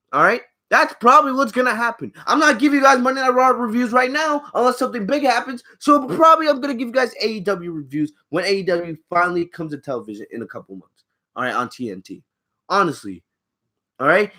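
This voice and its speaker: A man giving a casual video review rant, animated and repeating phrases for emphasis, often checking in with the viewers. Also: high voice. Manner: keeps checking in with "all right?". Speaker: wrestling reviewer.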